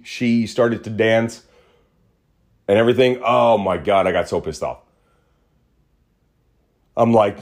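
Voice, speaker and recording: A man hosting a podcast in a small studio, talking in an animated, ranting way that drops to low mutters. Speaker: podcast host. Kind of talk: casual ranting monologue.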